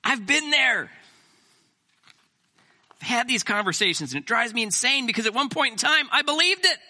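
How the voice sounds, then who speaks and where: A middle-aged man preaching a sermon as pastor, animated and joking with the congregation. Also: very high voice, moderate pace.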